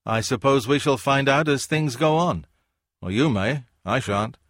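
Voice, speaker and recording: A man's voice: mid-range voice, a little slow, a bit bright, no room sound, voice pushed up. A curt, disillusioned old don who waves things off with blunt, clipped remarks, as a male narrator reads him. The voice is dry and close, with no room around it, in an audiobook reading. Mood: gruff.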